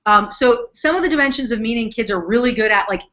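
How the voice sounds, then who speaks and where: A woman, a psychology professor from the northern United States, explaining her research in a chatty, lively way with many ums. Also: on the high side, fast, highs cut off. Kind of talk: explaining research in an online chat.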